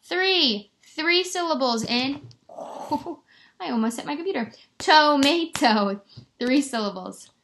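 A woman teacher giving a remote lesson to young children, stretching words out slowly and encouraging them. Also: high-pitched, expressive, gravelly, a bit bright, slight background noise. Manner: slow, exaggerated word-stretching, encouraging.

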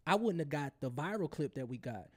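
A man from St. Louis with a St. Louis accent, a podcast guest and radio host telling stories in an animated way, often laughing and acting out other people's voices. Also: on the high side, a little fast. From St. Louis, USA. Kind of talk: casual storytelling.

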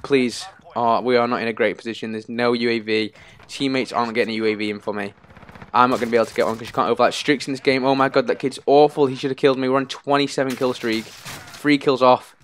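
A young-sounding man talks through a tense match as he plays it. He swings between anxious pleading and loud excitement, with his voice at a middling pitch and a faint hiss behind it. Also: quick pace. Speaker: gaming YouTuber. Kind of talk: live gameplay commentary.

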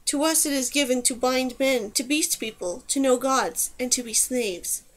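Woman narrator as old tribal man, earnest, formal, plain phrasing, fairly high voice. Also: moderate pace.

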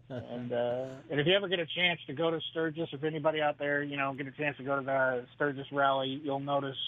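A male stand-up comedian delivers his act during an interview, halting and full of "uh"s and chuckling between jokes. His voice is medium-pitched with fairly even intonation, heard over a dry, tinny phone line.

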